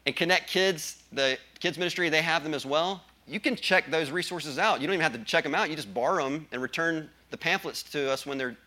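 Bright-voiced man preaching emphatically. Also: a little high, fairly quick, hardly any pauses. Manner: emphatic, asks the congregation questions. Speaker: pastor. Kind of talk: sermon.

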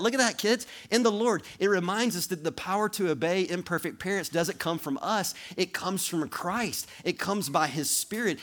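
A man's voice: on the high side, fairly bright tone. A man preaching a sermon, speaking directly to the children in the congregation and acting out little role-plays. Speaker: pastor.

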